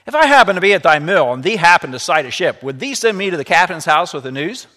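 A man's voice: high-pitched, big pitch swings, quick pace, sharp tone, pitched above the performer's own voice, exaggerated voice. A man voicing an eager, boastful young boy in a room with a long echo. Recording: echoey room with long reverb.

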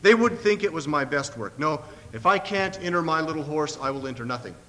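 Man reading sullen, hurt boy, muttering; bright tone, hall echo. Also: on the high side, expressive, a little fast, a little hiss or hum, pitched above the performer's own voice. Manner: sullen, muttering, near tears. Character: sullen, hurt young boy, lonely and downcast.

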